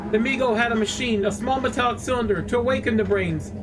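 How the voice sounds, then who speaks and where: A man's voice: very high-pitched, fast talker, distant mic, pitched above the performer's own voice. A man voicing the desperate brain of a man trapped inside a machine, begging in an anguished, pleading way. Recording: steady background noise.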